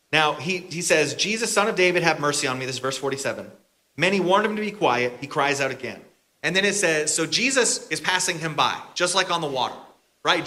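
Bright-voiced male pastor telling a story. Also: fairly high pitch. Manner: casual, chatty, bantering with the congregation. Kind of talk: storytelling sermon.

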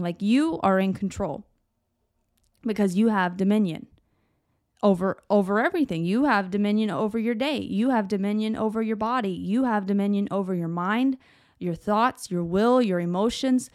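A woman's voice: medium pitch, normal speed, a little mellow, dry recording, clean studio sound. A young woman hosting a casual faith podcast. She rambles a little, repeats her words, and fills her talk with "like" and "you know.". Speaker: podcast host.

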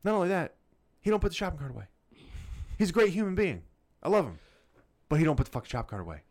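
A man's voice: on the high side, quick pace. Profane man telling a story. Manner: profane, animated anecdote-telling. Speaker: podcast co-host. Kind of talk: casual storytelling chat.

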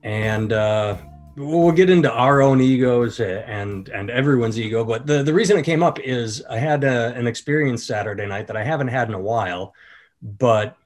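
A man's voice: medium pitch, moderate pace, faint music behind. Male comedian-host, casual podcast chat, storyteller who acts out the people he quotes. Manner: storytelling, animated when quoting others.

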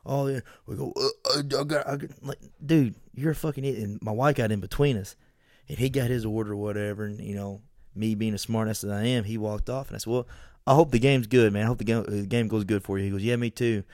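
A man tells a story in casual podcast chat. He talks in a profane, animated way and often breaks into acted-out bits of dialogue. The sound is dry and close, with no room echo. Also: on the low side, fast talker. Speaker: podcast co-host.

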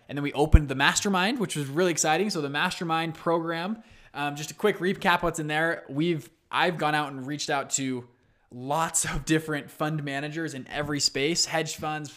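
A young adult man hosting a solo podcast, telling stories in an energetic, chatty way. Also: a little high. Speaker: podcast host. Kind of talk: casual solo podcast talk.

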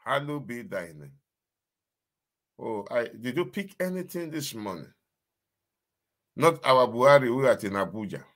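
A man's voice: medium pitch, very animated, measured pace, pauses often, a bit bright. Emphatic man preaching. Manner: emphatic, repetitive preaching with call-and-response questions. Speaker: pastor. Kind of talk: sermon.

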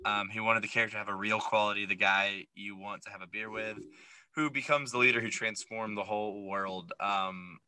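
A man's voice: fairly low pitch, fairly quick, smooth, low-quality recording. A man co-hosting a podcast, recapping a movie in casual, opinionated chat full of fillers. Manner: opinionated, animated, lots of fillers. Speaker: podcast co-host.

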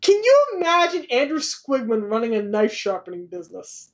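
An upbeat woman co-host in relaxed podcast conversation. Her voice sits a little high for a woman, and she talks with easy enthusiasm, laughing between thoughts. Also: normal speed. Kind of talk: casual podcast chat.

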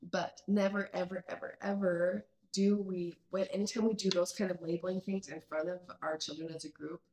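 A woman's voice: fairly low pitch, little pitch movement, normal speed, a little mellow, slight background noise. A woman in her mid-thirties hosting a parenting podcast, talking earnestly and thinking aloud with many restarts. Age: mid-30s. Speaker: podcast host. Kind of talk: casual parenting podcast chat.

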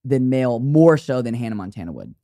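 Animated young American man, rambling. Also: mid-range voice, a little fast, dry recording, studio quality. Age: 20s. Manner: rambling, self-correcting, laughs often. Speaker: podcast co-host. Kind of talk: casual chat.

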